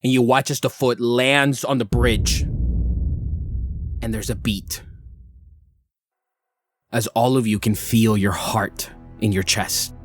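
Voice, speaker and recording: Slow-paced man narrating as game master. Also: mid-range voice, fairly even intonation, soft background music. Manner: descriptive, unhurried narration.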